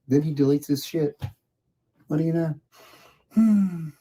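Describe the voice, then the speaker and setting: A man's voice: a little high, unhurried, long pauses, warm tone, husky. Profane, mocking man. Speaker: video creator. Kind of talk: angry rant.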